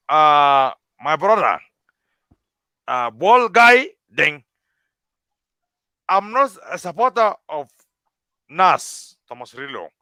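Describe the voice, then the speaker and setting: A talk-show host from Sudan, pressing his guest by asking his question again and again. His voice is very high and bright for a man. It is recorded dry on a headset. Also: no room sound. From South Sudan, Equatoria. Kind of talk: remote talk-show interview. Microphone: headphone headset.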